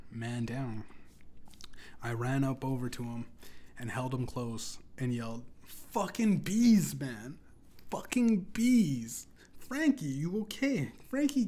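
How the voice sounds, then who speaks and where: A man hosting a comedy podcast, rambling through an absurd tall tale in a deadpan, profane way. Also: medium pitch, slight background noise. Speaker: podcast host. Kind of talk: improvised comedic storytelling.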